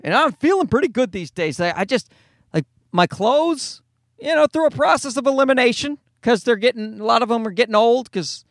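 A man's voice: very high-pitched, animated, brisk, dry recording, studio quality. A middle-aged man hosting a solo podcast from a parked car, rambling and swearing with self-mocking humor. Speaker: podcast host.

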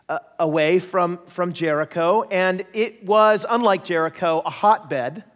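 A man preaching a sermon, telling stories in a lively, joking way and acting out voices. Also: fairly high pitch. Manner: animated, jokey, acts out voices in stories. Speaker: pastor. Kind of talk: sermon with storytelling. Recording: long hall reverb.

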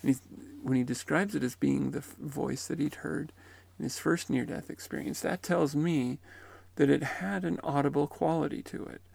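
A man's voice: on the high side, fairly even intonation, moderate pace, vocal fry, a little mellow, dry recording. A man retelling and reflecting on someone's near-death account in a musing, tentative way. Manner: musing and tentative, often unsure. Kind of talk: reflective spoken commentary.

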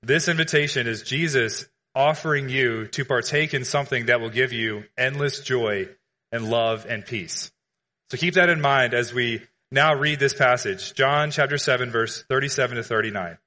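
Bright-voiced man preaching in a reverberant church. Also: mid-range voice. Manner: earnest, conversational preaching with rhetorical questions. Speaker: pastor. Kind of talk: sermon. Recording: long hall reverb.

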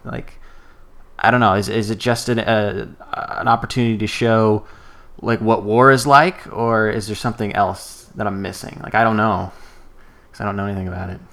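A man's voice: lowish voice, steady tone, moderate pace, fairly bright tone. A young man in casual movie chat, self-deprecating and rambling with many fillers. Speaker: podcast co-host.

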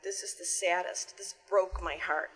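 A woman's voice: lowish voice, steady tone, unhurried, a bit bright, breathy edge, faint music behind. Woman co-host reading a list. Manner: reads out a list, acts out quoted parents. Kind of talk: casual chat.

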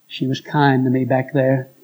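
A man's voice: medium pitch, completely flat delivery, moderate pace, darkish tone, rough recording. A man who is a preacher, telling a story in an earnest, repetitive sermon style with folksy phrasing.

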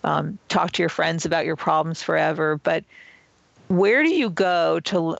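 A man's voice: on the high side, measured pace, vocal fry, a bit bright, no echo, dull audio. A man, the author, answering an interview question and patiently explaining self-help skills one step at a time. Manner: earnest, patient, step-by-step teaching. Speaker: author and guest.

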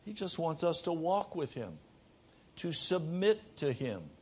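A middle-aged male preacher with a husky, somewhat high voice. He preaches at an unhurried pace. His delivery swings between raised, urgent appeals and quiet, hushed stretches. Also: big pitch swings. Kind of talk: sermon.

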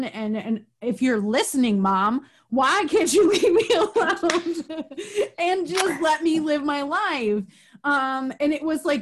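A woman hosting a podcast interview, talking candidly about her own life and laughing often. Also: on the high side. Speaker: podcast host. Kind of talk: casual interview chat.

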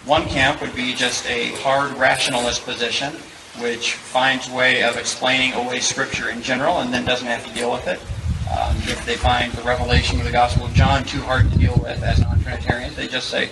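A man's voice: medium pitch, level tone, a little fast. A man with a Southern US accent giving a debate statement in a conversational way, with self-deprecating humor. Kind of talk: formal debate opening statement. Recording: echoey room, distant mic, background noise.

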